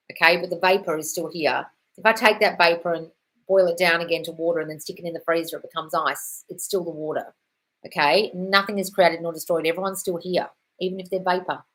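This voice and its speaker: A woman with a slightly low-pitched voice hosts a live question-and-answer stream. She answers viewer comments in an effusive, frank way and calls everyone darling. Now and then she breaks into a sweary, squealing burst of praise. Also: fairly bright tone, rough recording. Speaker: manifestation coach host.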